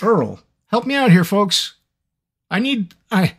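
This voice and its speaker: Rambling voice actor on a livestream. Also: male voice, high voice, very animated, takes it slowly, slightly rough. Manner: rambling, scattered and self-mocking. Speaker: voice actor hosting a live Q&A. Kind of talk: casual livestream chat. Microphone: seated at a microphone.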